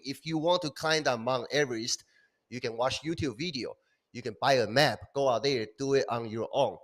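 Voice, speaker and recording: Coaxing man who keeps asking "okay?". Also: mid-range voice. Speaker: co-host of a live online business show. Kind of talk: motivational livestream talk.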